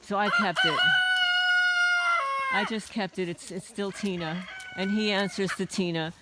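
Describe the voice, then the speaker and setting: A woman's voice: medium pitch, measured pace, very noisy. A woman vlogging casually from her homestead, rambling and aggrieved with wry asides. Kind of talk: casual walk-and-talk vlog. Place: outdoors on a small homestead near a chicken coop. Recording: outdoor recording with crowing roosters and clucking hens.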